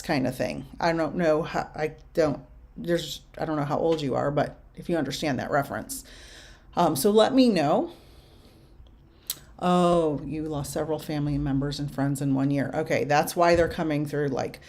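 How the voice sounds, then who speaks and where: An older woman who works as a medium gives readings and answers viewer questions on a livestream. She talks slowly and musingly, with soft laughs, in a low-pitched, creaky voice.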